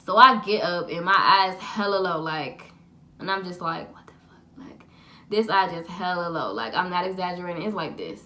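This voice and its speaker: Bright-voiced young woman telling a story. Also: fairly low pitch, normal speed, a little hiss or hum. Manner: chatty, profane, dramatic retelling. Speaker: vlogger. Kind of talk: casual storytelling to camera.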